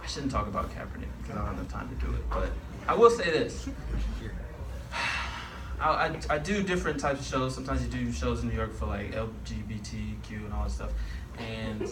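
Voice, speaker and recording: A man's voice: medium pitch, a little fast. A man doing a stand-up set, loose and chatty, laughing at his own jokes. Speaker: stand-up comedian. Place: comedy club stage. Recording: roomy club, distant mic, crowd noise.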